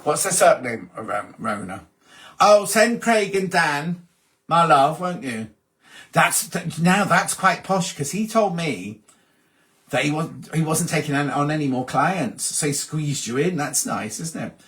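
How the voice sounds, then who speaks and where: A man's voice: fairly high pitch, lively intonation, a little slow. A man hosting a casual live-stream chat, reading out viewer comments and answering them one by one. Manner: chatty, reads out comments and answers them warmly. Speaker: host.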